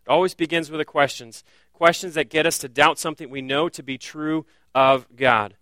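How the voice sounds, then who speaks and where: A man's voice: fairly high pitch, fairly even intonation, moderate pace, sharp tone, dry recording. A man preaching a sermon as pastor, earnest and direct, often driving points home with rhetorical questions.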